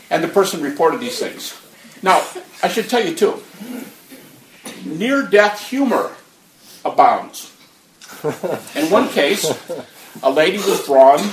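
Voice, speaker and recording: A man with a fairly high voice tells anecdotes in a relaxed, conversational way, slipping into the voices of the people he quotes. He sounds a little distant from the microphone. The room is echoey, with a faint background hiss. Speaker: speaker on near-death experiences. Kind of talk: conversational storytelling talk. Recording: roomy, distant mic, faint noise.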